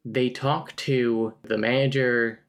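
A woman with an unusually deep voice and heavy vocal fry talks through a book in a casual review chat. She explains her points in a dry, wry way. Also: fairly even intonation, takes it slowly. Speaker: podcast co-host, critic.

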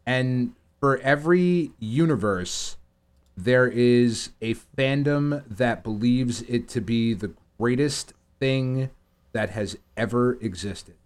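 A man in a relaxed podcast conversation who delivers his jokes dry and sarcastic. His voice sits at an ordinary male pitch and sounds plain and unforced. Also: slow pace. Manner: deadpan sarcastic humor. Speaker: podcast co-host. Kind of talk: casual chat.

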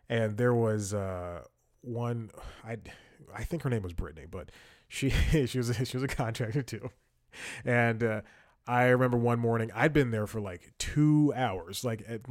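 A young man, talking in a loose, rambling way, full of fillers and false starts. His voice sits fairly low, and the sound is dry and close, with no room echo. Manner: rambling, many fillers and restarts, wry laughs. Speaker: podcast host. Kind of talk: casual storytelling monologue.

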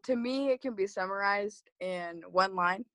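A woman's voice: medium pitch, measured pace, fairly bright tone, dry recording. A woman co-hosting a podcast, chatting frankly and offhandedly about poems, with casual swearing. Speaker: podcast co-host. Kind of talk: casual chat.

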